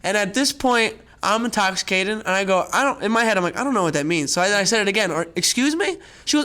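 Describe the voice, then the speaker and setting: A young adult man with a high-pitched voice and quick pace hosts a podcast. His casual chat drifts into rambling stories, which he retells in an animated way.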